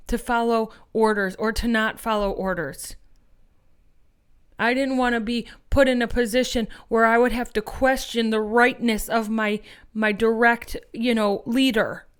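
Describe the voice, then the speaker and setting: A woman's voice: fairly high pitch, clear, resonant tone. Fiery, profane woman ranting. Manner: angry, profane, rallying; addresses listeners as friends. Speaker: activist podcast host. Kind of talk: impassioned political monologue.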